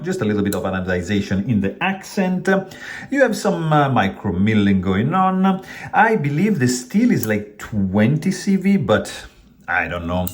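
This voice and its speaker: A man casually reviewing a pocketknife, rambling with many fillers and restarts while handling the knife as he talks. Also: medium pitch.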